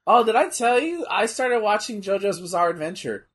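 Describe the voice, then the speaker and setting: Young man, casual co-commentary, husky, swings all over in pitch. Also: normal speed. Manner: animated, rambling, swearing, frequent fillers. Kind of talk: casual chat watching wrestling.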